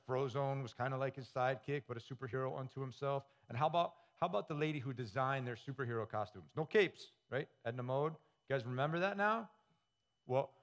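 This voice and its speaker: A man who is lead pastor, preaching a conversational sermon and often checking in with the audience. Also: mid-range voice. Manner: conversational, asks the audience questions.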